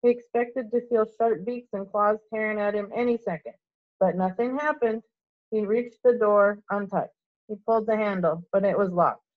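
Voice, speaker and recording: A woman teacher reading a storybook aloud to children, in a clear, steady way with small slips, in a dull lo-fi recording. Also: mid-range voice, moderate pace.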